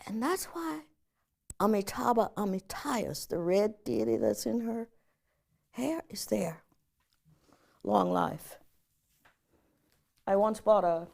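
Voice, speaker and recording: A woman professor giving a public lecture, telling stories in a lively way and leading the audience in chanting. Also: medium pitch, gravelly.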